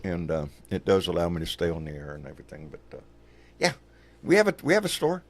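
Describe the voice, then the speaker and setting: A man's voice: low voice, wildly swooping pitch, fast. An older man hosting a casual livestream chat, rambling and folksy, swearing casually. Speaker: show host.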